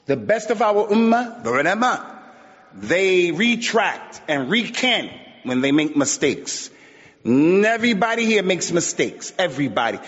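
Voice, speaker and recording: A male preacher giving an emphatic sermon, repeating his points and building to near shouts. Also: sits high, very animated, unhurried. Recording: dull sound with long hall reverb.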